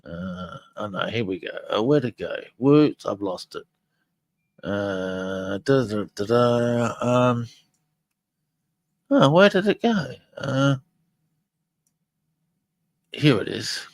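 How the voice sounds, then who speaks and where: A man's voice: mid-range voice, expressive, slow, long pauses, no echo, low-quality recording. A man hosting a live podcast, talking casually and rambling with many fillers and restarts. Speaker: podcast host.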